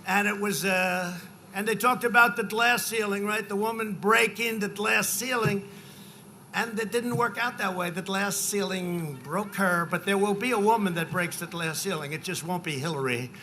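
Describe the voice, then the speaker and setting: Sharp-voiced older man rallying a crowd. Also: sits high, moderate pace, slight background noise. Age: 70s. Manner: rambling, repetitive, conversational asides to the crowd; swings into shouted emphasis on numbers. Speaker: politician addressing a rally. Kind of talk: off-the-cuff campaign rally speech. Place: large political rally.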